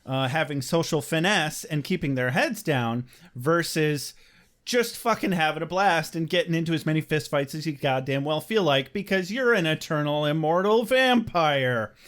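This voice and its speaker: A man with a slightly raised pitch talks loosely as a podcast co-host. He swears freely and laughs often, keeping the chat relaxed and rambling. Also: moderate pace. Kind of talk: casual chat.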